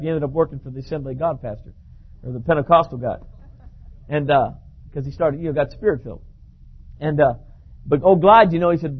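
Guy preaching a sermon, high voice, animated storytelling, kinda muffled recording. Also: husky. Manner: storytelling, repeats himself, animated. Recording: dull lo-fi recording.

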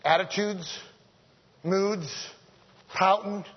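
Man, preacher, husky high voice, animated and joking, dull lo-fi church recording. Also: extremely slow. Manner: animated, joking, repeats phrases, calls out to the men. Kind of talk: conversational sermon. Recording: echoey hall, dull lo-fi sound.

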